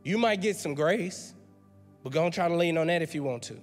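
Animated and a little fast, a slightly high-voiced male pastor presses his sermon forward, repeating words as his point mounts in an emphatic, conversational style. It's recorded in a church sanctuary with faint background music and long hall reverb.

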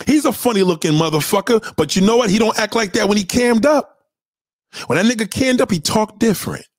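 A man's voice: high voice, animated, brisk, no echo, studio quality. A man hosting a livestream, ranting at his live chat in a profane, combative way, often repeating himself. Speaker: livestream host. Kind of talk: unscripted rant to a live chat.

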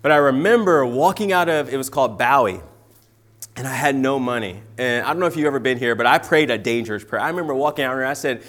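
Animated young preacher, loud then hushed. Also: male voice, on the high side, fairly quick. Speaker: guest preacher. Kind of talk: sermon with personal stories.

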